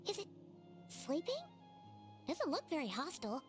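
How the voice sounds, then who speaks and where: A woman's voice: sits high, big pitch swings, normal speed, faint music behind. A woman voicing a tiny, chatty, childlike female floating companion in a game, curious and referring to herself by name. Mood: curious chirpy. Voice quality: bright childlike voice. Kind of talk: game voice acting.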